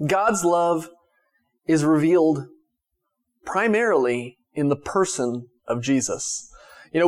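A male pastor preaching a conversational sermon who retells Bible scenes in casual everyday language. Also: fairly high pitch.

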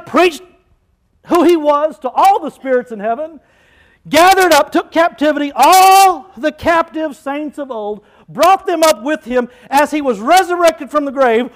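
A male pastor preaching a lively sermon, rising to shouts as he quotes scripture. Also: very high-pitched, low-quality recording.

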